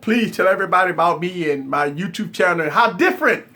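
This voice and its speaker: A man's voice: high voice, quick pace. A man hosting a tech channel live stream in casual, playful chat, laughing often as he talks. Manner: giggly, laughs often while talking; loose, playful and excitable.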